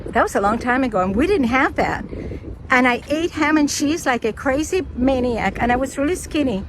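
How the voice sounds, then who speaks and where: A woman from Cuba with a Cuban Spanish accent, a native Spanish speaker, chatting in a rambling, excitable way and often cutting herself off as she walks a lakeside path, talking into a handheld phone. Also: high voice, normal speed. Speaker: vlogger. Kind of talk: casual walking vlog. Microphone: phone held while walking. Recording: outdoor traffic noise.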